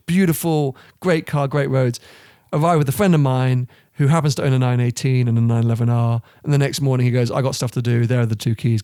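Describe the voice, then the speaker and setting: Animated young Englishman telling stories. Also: medium pitch, dry recording, clean studio sound. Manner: animated storyteller, laughs often. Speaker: guest. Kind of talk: casual chat.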